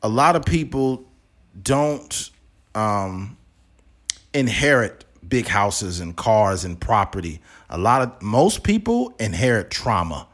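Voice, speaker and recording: A man's voice: fairly low pitch, slow pace. A man hosting a casual podcast chat, talking bluntly and with plenty of profanity, acting out little scenes as he goes. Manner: blunt, profane, animated storytelling. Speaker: podcast host.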